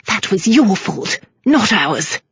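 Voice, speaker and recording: A woman doing a crisp, cold reproachful mother. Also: medium pitch, lively intonation, fairly quick, dry recording, dull audio. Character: cold, bitter mother in her forties.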